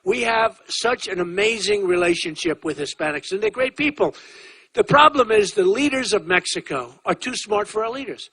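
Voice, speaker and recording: A man in his sixties speaks to a crowd, bright and forceful, with a husky edge to his voice. He talks in a boastful, repetitive, off-the-cuff way, turning to the audience with asides. The sound is dry and close. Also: sits high, animated, normal speed, no echo. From United States. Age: 60s. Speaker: political candidate speaking at a rally. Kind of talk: rally speech.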